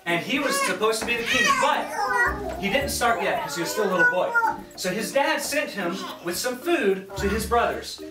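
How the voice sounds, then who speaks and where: A woman telling a Bible story to preschoolers, animated and coaxing the children to act it out with her. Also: mid-range voice, normal speed. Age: adult. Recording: echoey hall, distant mic, loud music.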